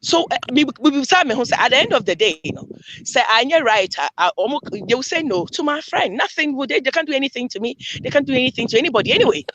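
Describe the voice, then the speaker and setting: A woman, a panelist in a casual group discussion, telling animated stories and mixing in Twi phrases. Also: sits high, fast talker, a little hiss or hum, low-quality recording.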